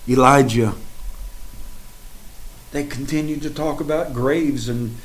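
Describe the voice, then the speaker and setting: A man preaching a sermon in a dramatic, folksy way, swinging from hushed to loud and speaking straight to his listeners. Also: mid-range voice, steady tone, slow pace, a little hiss or hum, low-quality recording.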